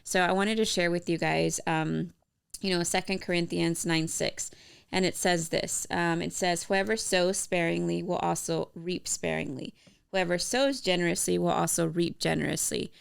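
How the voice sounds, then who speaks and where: Gravelly, smooth-voiced woman chatting casually. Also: on the low side, fairly even intonation, normal speed. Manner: rambling, many fillers and restarts. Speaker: podcast co-host. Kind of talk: casual faith-based chat.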